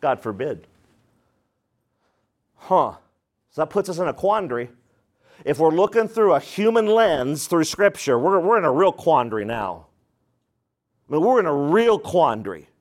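Male pastor, high voice, emphatic expository preaching, talks right to the congregation. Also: big pitch swings, normal speed. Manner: emphatic, repeats phrases for weight; addresses the congregation directly. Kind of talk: expository sermon.

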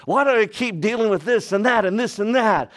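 A man delivers a sermon in a notably high voice for a man. His preaching is emphatic, rising to stress key points and then dropping to a hushed tone. He keeps asking the congregation rhetorical questions. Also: a little fast. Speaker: pastor.

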